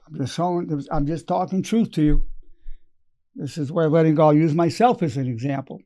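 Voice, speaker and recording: A man's voice: a little high, moderate pace, mellow. A psychologist in his eighties giving a lesson by retelling client stories, quoting dialogue and repeating key phrases. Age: 80s. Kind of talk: storytelling lecture.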